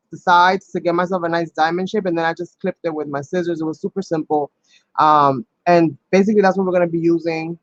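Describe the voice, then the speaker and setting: A man with a fairly high voice hosts a relaxed crafting tutorial and talks through each step as he works. He fills his pauses with ums and thinks out loud. The sound is dry and a little dull, picked up by a camera mic at his craft table. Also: no room sound. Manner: chatty, thinks aloud with many ums. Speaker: crafting channel host.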